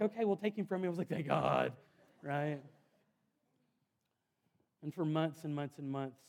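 A pastor, his voice sitting a little high for a man yet warm and mellow in tone. He talks to the congregation earnestly and conversationally, and slips in self-deprecating asides. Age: 30s. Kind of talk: sermon.

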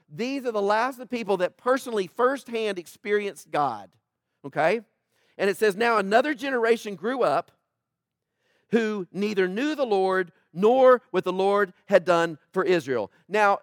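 Male pastor, high-ish voice, dry close sound, chatty preaching, lots of amen? and right?. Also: no echo. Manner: conversational preaching, asks the congregation questions. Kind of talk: sermon.

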